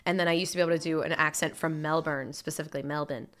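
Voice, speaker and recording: Nasal, bright-voiced streamer woman. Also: sits low, level tone, rapid-fire. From upstate New York. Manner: chatty and rambling, with frequent filler words. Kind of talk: casual chat while gaming, reading chat aloud.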